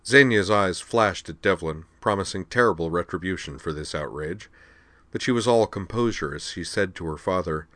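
A man narrating an audiobook in an even, measured storytelling manner. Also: deep voice, no room sound. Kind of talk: scripted narration.

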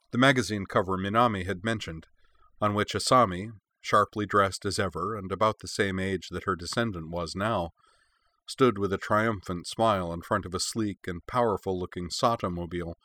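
Casting: male storyteller, low voice, steady descriptive reading, dry close sound. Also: no room sound. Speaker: narrator. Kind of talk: read-aloud fan fiction narration.

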